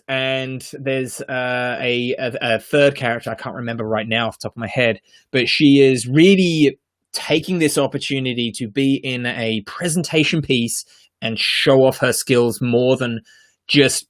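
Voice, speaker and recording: A medium-pitched man co-hosts a podcast, reviewing a TV series in casual conversation. He's earnest and emphatic, with frequent fillers and restarts.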